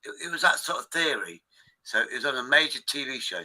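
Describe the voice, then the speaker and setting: A man's voice: medium pitch, very animated, fairly quick, crowd noise, poor audio. A man hosting a live stream, rambling in casual chat with his viewers, swearing freely and restarting his sentences often.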